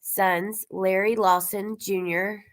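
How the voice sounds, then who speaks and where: A woman's voice: mid-range voice, level tone, slow. A woman YouTuber giving casual, rambling true-crime commentary and talking straight to her viewers. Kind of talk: casual commentary reacting to clips.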